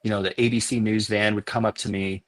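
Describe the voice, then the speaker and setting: A man on a podcast interview, explaining things at length and telling animated stories from his filming work. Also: on the low side, quick pace. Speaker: documentary filmmaker guest.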